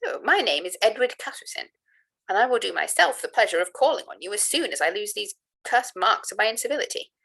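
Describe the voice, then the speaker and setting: A woman's voice: medium pitch, very animated, fairly quick, gravelly, pushed and bright, breathy edge, pitched above the performer's own voice, exaggerated voice. A woman voicing a young male nobleman from an old novel, speaking with formal, insistent politeness. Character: young male lord, proud, now courteous.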